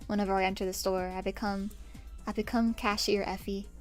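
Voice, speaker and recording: A woman's voice: mid-range voice, level tone, brisk, faint music behind. A young woman streaming while she draws, telling stories in a casual chat full of swearing and laughs. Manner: chatty storytelling with swearing and laughs. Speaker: VTuber streamer.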